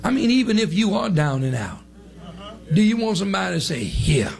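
A man's voice: high-pitched, very animated, a little fast, gravelly. A man, preaching a sermon with a rising, emphatic cadence. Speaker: pastor.

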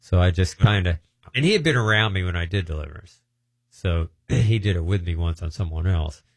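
A middle-aged minister telling a long, meandering testimony and often breaking off mid-sentence. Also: male voice, sits low, expressive, brisk, dry recording. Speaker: deliverance minister. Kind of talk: rambling testimony storytelling.

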